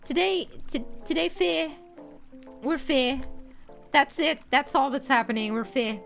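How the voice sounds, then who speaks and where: A woman's voice: high voice, expressive, unhurried, gravelly, fairly bright tone, soft background music. A woman streamer chatting casually with her viewers, playful, laughing often and swearing now and then.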